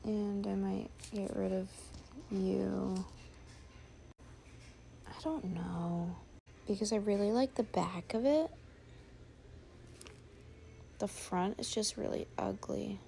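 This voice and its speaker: A woman chatting casually as she sorts through her things, musing and thinking aloud, sometimes dropping to a soft whisper. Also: mid-range voice, slow pace, creaky, long pauses, a little hiss or hum. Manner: drops to a soft whisper at times. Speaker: sewing vlogger. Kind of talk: casual narration while sorting.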